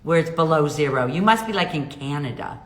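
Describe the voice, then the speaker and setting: Reacting to comments from viewers, this middle-aged jeweler chats casually on her livestream with a bubbly energy. She speaks low, expressively and a little fast. There's echo in the room and some faint noise behind her.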